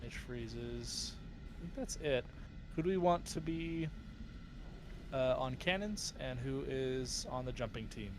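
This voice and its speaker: A man's voice: medium pitch, expressive, slow, noisy background. A man leading a game raid over voice chat, explaining tactics step by step with many uhs and ums. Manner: instructive, with frequent uh and um. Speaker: raid leader.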